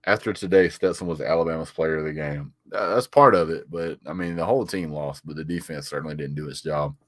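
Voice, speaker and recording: A very low-voiced man banters through a live stream, reading out viewer comments and firing back. He stammers and repeats words now and then, and his voice sounds close and dry with no room around it. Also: fairly quick, fairly bright tone, no room sound. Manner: reads viewer comments aloud and answers them; frequent chuckles and "sir" rebuttals. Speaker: sports vlogger reading live chat.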